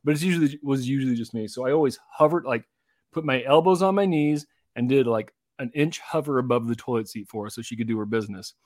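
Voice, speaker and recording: A man in his thirties, co-hosting a podcast in casual chat, telling animated stories about his kids. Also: medium pitch, fast, no room sound, clean studio sound. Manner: animated storyteller, acts out voices in anecdotes. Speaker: podcast co-host.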